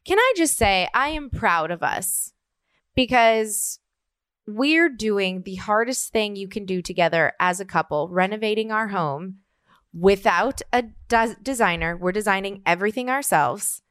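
Female podcast co-host, mid pitch, teasing, cuts in, dry close mic. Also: expressive, a little slow, fairly bright tone, clear, resonant tone, dry recording. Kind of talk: casual chat.

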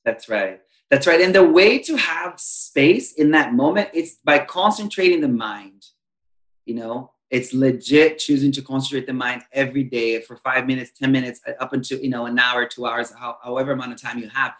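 Bright-voiced man teaching with emphatic fervor. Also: mid-range voice, steady tone, normal speed. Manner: emphatic, earnest, teacherly, with bursts of exclamation. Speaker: spiritual teacher guest. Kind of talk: podcast conversation.

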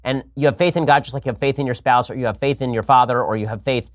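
Wry, fast-talking host, dry studio sound. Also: male voice, mid-range voice, fairly even intonation, no room sound. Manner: talkative, frequent restarts, wry. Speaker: podcast host. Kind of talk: casual Q&A monologue.

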